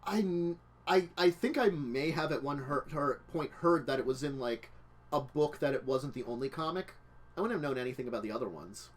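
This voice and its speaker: A man's voice: mid-range voice, lively intonation, brisk. A man hosting a casual talk show about tabletop games, rambling through digressions. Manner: rambling, digressive, laughs at own jokes. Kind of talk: casual chat. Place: indoors near a street.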